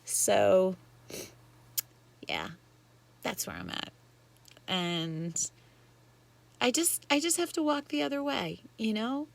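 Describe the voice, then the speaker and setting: A middle-aged woman, chatting casually to viewers of her livestream from her apartment, animated and laughing often. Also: a little high, takes it slowly, vocal fry, pauses often. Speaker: vlogger. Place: apartment in Israel.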